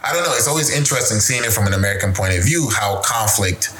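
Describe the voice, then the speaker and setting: A man co-hosting a podcast, telling stories in a loose, animated way and swearing freely. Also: lowish voice, fast talker. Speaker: podcast co-host. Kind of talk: casual chat. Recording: echoey room with faint noise.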